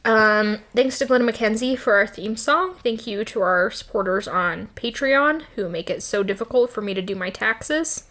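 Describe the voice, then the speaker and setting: A woman co-hosting a casual podcast, recapping a book chapter with quick quoted voices, frequent laughter and swearing. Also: a little high, a bit bright. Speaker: podcast co-host.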